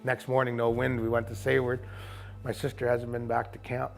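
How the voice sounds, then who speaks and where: A man, a kayak camp owner, telling a story in casual, animated fashion and acting out other people's voices. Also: medium pitch, moderate pace, vocal fry, faint music behind. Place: outdoors at a rocky bay.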